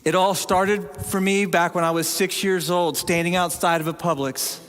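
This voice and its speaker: A man's voice: high-pitched, fairly even intonation, moderate pace, a bit bright, smooth, in a large hall. A man playing a grown woman executive who proudly recalls her childhood success, in a preacher's plain voice.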